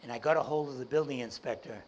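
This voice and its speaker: A man in the middle of a personal story, speaking at an ordinary mid pitch with a faint hiss underneath. He brings the dialogue to life as he goes and stumbles into quick restarts. The delivery is lively and unpolished. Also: dull audio. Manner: animated, acts out dialogue from the story; halting restarts and repeated words. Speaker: entrepreneur giving a talk.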